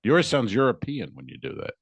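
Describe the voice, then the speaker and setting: A man's voice: mid-range voice, very animated, brisk, breathy edge, dry recording, lo-fi sound. A man co-hosting a comedy podcast, teasing his partner with needling questions in casual chat. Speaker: podcast co-host.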